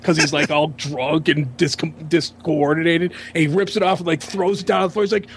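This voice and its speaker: A man telling a profane story in casual chat, shouting out the quoted lines of others. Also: a little high, steady tone, fairly quick, a crowd in the background.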